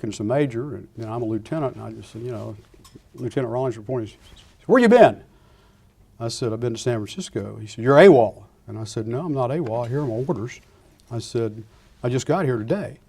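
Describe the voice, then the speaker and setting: An older man, a retired Air Force pilot, giving a lecture full of anecdotes and acting out the dialogue with lively restarts. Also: mid-range voice, creaky, slightly rough. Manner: animated storyteller acting out dialogue, frequent restarts.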